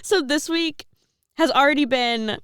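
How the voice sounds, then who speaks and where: A woman's voice: sits high, measured pace, fairly bright tone, dry recording, studio quality. A woman in her twenties, a seminarian co-hosting a podcast, chatting casually with frequent laughs and rambling restarts. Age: 20s.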